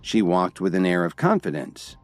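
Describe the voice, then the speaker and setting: A man's voice: sits low, very animated, moderate pace, no room sound, faint music behind. A man narrating a dramatic story in scripted style, voicing every character himself. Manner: dramatic storytelling, all voices by one reader.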